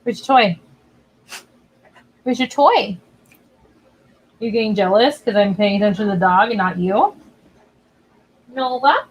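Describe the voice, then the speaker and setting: A woman's voice: mid-range voice, lively intonation, unhurried, pauses often, poor audio. A woman author chatting casually on a livestream from home, talking to her dog while she waits for viewers.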